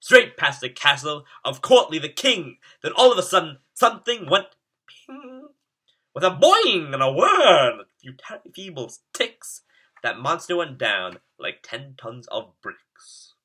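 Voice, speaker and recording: A man reading a rhyming storybook aloud in a lively, sing-song way. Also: fairly high pitch, a little slow. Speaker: storybook reader.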